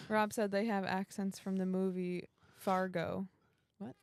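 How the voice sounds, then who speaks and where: A woman's voice: medium pitch, little pitch movement, slow, vocal fry, a little mellow, smooth, dry recording. A woman co-hosting a casual livestream, reading chat comments aloud and laughing easily.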